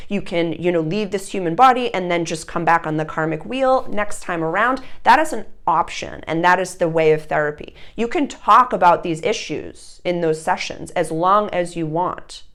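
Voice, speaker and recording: A woman's voice: lowish voice, fairly bright tone. Earnest rambling woman spiritual coach. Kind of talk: solo talk to viewers.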